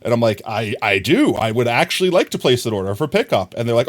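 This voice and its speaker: A man's voice: mid-range voice, fast. A man, a streamer casually telling a rambling story to his chat and acting out other people's lines. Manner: rambling, animated, acts out voices in quotes.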